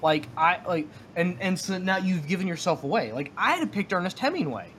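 A man co-hosting a casual podcast discussion, talking in a halting way with many fillers and restarts. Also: high voice, very animated, fairly bright tone, a little hiss or hum. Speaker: podcast co-host.

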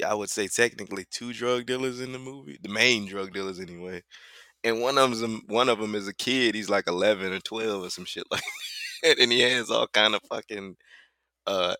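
A man's voice: on the low side, normal speed, sharp tone, dry recording. A man co-hosting a podcast, chatting casually and profanely, often laughing. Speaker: podcast co-host. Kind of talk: casual chat.

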